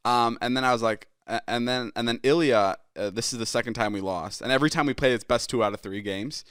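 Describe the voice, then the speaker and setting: A man's voice: mid-range voice, fast, fairly bright tone, clean tone, dry recording, clean studio sound. A man in his twenties hosting a podcast, telling a story casually with lots of swearing and fillers. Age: 20s. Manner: rambling, heavy swearing, many fillers. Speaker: podcast host.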